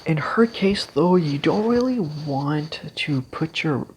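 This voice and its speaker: A casual game strategy guide creator explaining team builds haltingly, with many fillers and restarts, and clearing their throat now and then. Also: medium pitch, animated, slight background noise, poor audio.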